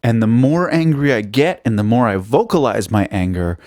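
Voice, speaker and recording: A man's voice: mid-range voice, expressive, normal speed, darkish tone, no echo, clean studio sound. A man hosting his own podcast, talking in a rambling, profane, self-mocking comedic monologue. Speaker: podcast host.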